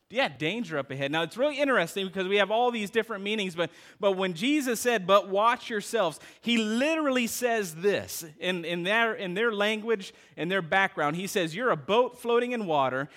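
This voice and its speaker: A middle-aged man preaching a sermon, talking to the congregation, asking them questions and telling stories. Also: high-pitched. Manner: animated preaching with audience call-outs and storytelling. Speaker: pastor.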